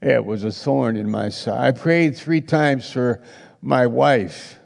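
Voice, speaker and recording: Slow gravelly preacher in a hall. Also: male voice, medium pitch, darkish tone. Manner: slow, halting delivery with many restarts. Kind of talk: sermon. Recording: long reverb of a hall.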